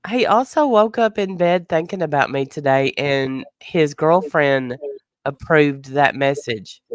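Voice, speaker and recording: A woman recovering from illness, chatting casually as host of a live stream and telling stories in an animated way with plenty of laughs. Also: sits low, a little slow, no room sound, studio quality. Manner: animated storyteller, laughs a lot. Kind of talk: casual chat.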